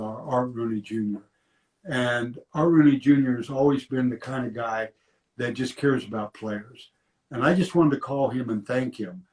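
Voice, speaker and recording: A man's voice: medium pitch, poor audio. Older man telling football stories. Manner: rambling, self-correcting anecdotes. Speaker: former football player, interview guest. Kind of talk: storytelling in an interview.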